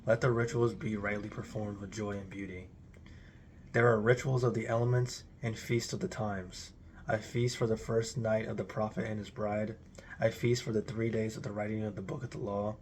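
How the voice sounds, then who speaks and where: A man's voice: lowish voice, little pitch movement, moderate pace, darkish tone, slight background noise. A man giving a solemn, declamatory recitation of an archaic religious text in an intoned delivery. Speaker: reader.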